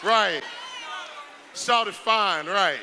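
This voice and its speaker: Young male emcee, high and bright, playful crowd banter, noisy live hall. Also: drawn-out words. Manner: playful, hype, joking with audience. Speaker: youth event speaker. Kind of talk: energetic stage talk to a crowd. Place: large event hall with audience. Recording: noisy live event recording.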